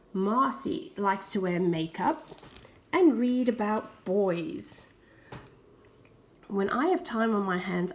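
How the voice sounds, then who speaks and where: Slow, expressive woman reading a storybook. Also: medium pitch. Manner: expressive, with soft whispered asides. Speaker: storybook reader. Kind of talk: reading a children's picture book aloud.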